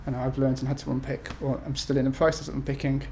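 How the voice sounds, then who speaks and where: A man's voice: medium pitch, little pitch movement, quick pace, gravelly, a little mellow, a little hiss or hum. A man in his thirties from the UK, an author talking to an event audience with many ums and restarts, then reading his essays aloud. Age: 30s.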